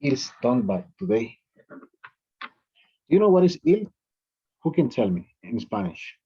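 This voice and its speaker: A man's voice: mid-range voice, sing-song, slow, dark tone, breathy edge, highs cut off. A man teaching an English grammar lesson to a class. He reads out example sentences and calls on students to answer.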